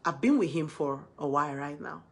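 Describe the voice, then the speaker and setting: A woman talking casually to camera about relationships, emphatic, swinging between loud exclamations and softer asides. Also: low-pitched, lively intonation, brisk, slight background noise. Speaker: relationship advice vlogger.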